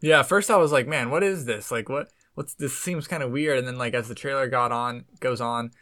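A man in his thirties co-hosting a podcast, chatting casually and excitably, swearing and calling everyone dude. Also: medium pitch, a little fast, no echo, clean studio sound. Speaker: podcast co-host. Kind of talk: casual chat.

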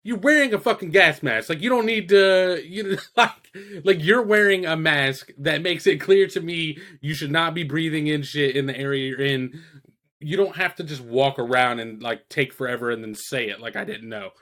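Speaking at a moderate pace in a bright, rather high voice, this podcast co-host chats casually about films. His review talk is rambling and profane, stuffed with fillers and quoted asides.

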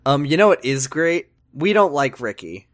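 A man's voice: a little high, sing-song, normal speed. A man co-hosting a podcast in casual chat, with wry, easygoing banter. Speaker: podcast co-host.

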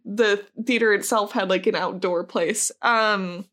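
A woman's voice: medium pitch, steady tone, unhurried, fairly bright tone. A woman co-hosting a podcast, chatting casually about movies, with lots of fillers and laughter. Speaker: podcast co-host. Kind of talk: casual chat.

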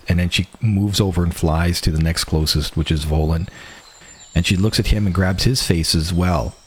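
A man narrating a tabletop game as game master, describing scenes slowly with frequent restarts. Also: low-pitched, a little hiss or hum.

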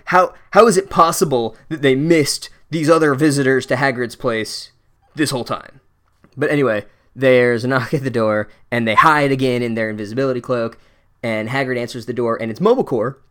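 A man's voice: medium pitch, brisk, fairly bright tone. A man tears through a book chapter in a comedic recap. He is sarcastic and profane, and he rambles with constant "like"s as he mocks the story's logic.

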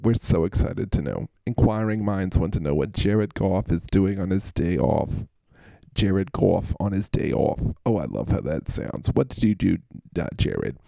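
A man's voice: deep voice, lively intonation, unhurried, gravelly, mellow, dry recording. A man hosting a fantasy football show, breaking down matchups in a playful, teasing and theatrically gushing manner. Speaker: podcast host.

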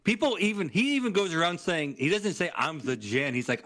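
A man who is a guest on a podcast, chatting casually about horror movies with a measured, dryly humorous delivery. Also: fairly high pitch, lively intonation, a bit bright. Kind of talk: casual movie review chat.

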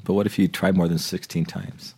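Deep-voiced man, easygoing and chuckling. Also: level tone, fairly quick, vocal fry, a little mellow, husky. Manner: easygoing, laughs often, hesitant restarts. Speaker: podcast co-host. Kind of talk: casual chat. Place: room at home.

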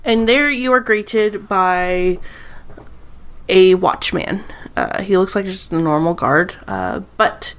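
A woman's voice: mid-range voice, expressive, slow pace, a bit bright. Rambling woman game master. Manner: casual, rambling narration with fillers. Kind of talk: narrating a tabletop game.

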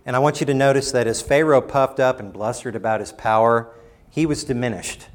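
In this sermon, a man serving as pastor talks fairly quickly, climbing to emphatic peaks and falling back to a soft, low register. Occasionally he voices quoted lines in a mocking imitation.

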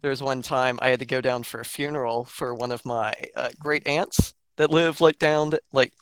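A man's voice: medium pitch, moderate pace, clear, resonant tone, no echo. Blunt young man with an Atlanta accent. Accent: Atlanta Southern US. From Georgia, US. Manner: blunt, profane, animated storytelling. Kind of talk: casual political chat.

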